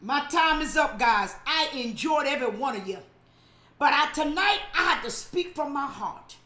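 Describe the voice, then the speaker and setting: Woman pastor, high voice, echoey room, repeats lines for emphasis and shouts the key points. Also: expressive, moderate pace. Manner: preaching with emphatic repetition. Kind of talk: sermon.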